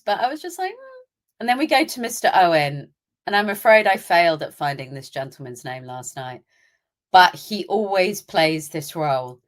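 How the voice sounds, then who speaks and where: Young British woman, low-pitched, podcast co-host, opinionated and chatty. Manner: chatty and opinionated, acting out asides. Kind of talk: casual chat.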